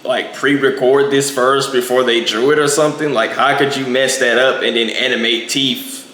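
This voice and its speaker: A man's voice: mid-range voice, steady tone, moderate pace, sharp tone, echoey room. A young man giving a casual, rambling movie review, packing in lots of filler words.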